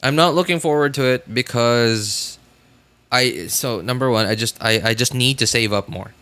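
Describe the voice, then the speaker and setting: A man's voice: mid-range voice, normal speed, bright, forceful tone, clean tone. A man streaming a game, chatting casually and rambling, with many fillers, restarts and self-corrections. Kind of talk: casual live-stream chat.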